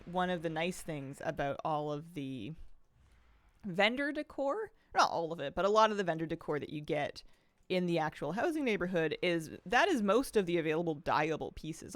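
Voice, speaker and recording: A woman's voice: sits low, dry recording. A woman from the Pacific Northwest streaming a game, chatting casually and rambling, with a slight lisp and frequent sighs. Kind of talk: casual chat while gaming.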